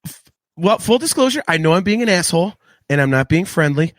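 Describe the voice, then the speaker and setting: A man hosting a casual podcast chat, talking in an excitable, profane, ranting way. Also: high voice, brisk, dry recording. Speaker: podcast host.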